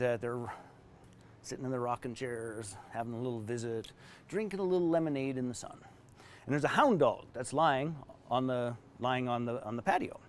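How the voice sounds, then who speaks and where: A man's voice: mid-range voice, a little hiss or hum. A man teaching business owners on a live stream, talking them through a whiteboard drawing with emphatic, story-driven delivery. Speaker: business coach.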